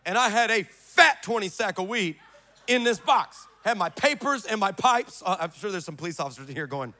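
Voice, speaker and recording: A man preaching in church to a congregation, telling stories with jokes and sudden shouts. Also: high-pitched, normal speed. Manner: animated storytelling, joking and shouting to the crowd. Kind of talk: sermon. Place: church service in front of a congregation.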